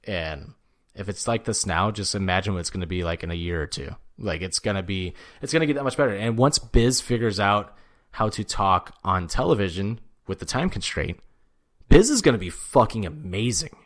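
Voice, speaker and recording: A man with a fairly low voice talks on a podcast in a casual, rambling way. He swears freely and laughs as he tells his story. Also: animated, moderate pace, fairly bright tone. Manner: loose, profane storytelling. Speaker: podcast co-host.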